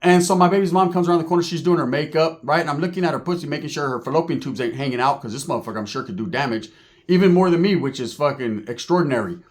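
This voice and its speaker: Rapid-fire and profane, a man spins a comic story from his own life in loose, streetwise talk, his voice sitting slightly higher than most men's. Nearly every line ends with him checking in with his listeners, asking "right?".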